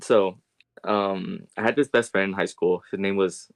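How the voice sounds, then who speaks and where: A young man co-hosting a casual podcast, telling a story in a rambling way and getting animated when he quotes people. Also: deep voice, normal speed, gravelly. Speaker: podcast co-host.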